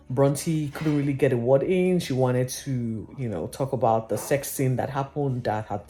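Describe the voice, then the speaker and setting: A mellow, unhurried voice runs through a reality TV episode in a casual vlog. The delivery is chatty and gossipy, and "literally" comes up again and again. Faint music plays in the background. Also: medium pitch. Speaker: reality TV recap vlogger.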